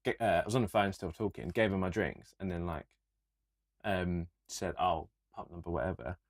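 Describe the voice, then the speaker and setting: A young man, co-hosting a casual podcast and telling stories in an animated, sweary rant. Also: sits low, normal speed. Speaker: podcast co-host. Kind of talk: casual chat.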